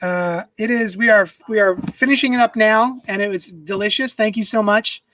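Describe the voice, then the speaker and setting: A man's voice: sits high, moderate pace, pushed and bright, slight background noise, rough recording. A man casually chatting on a live stream from his home desk, rambling and reading viewer comments aloud into a desk microphone. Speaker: comics unboxing streamer.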